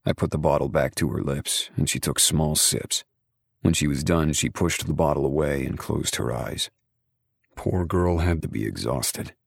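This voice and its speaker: Very deep gravelly male audiobook narrator. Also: unhurried. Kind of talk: first-person scripted narration.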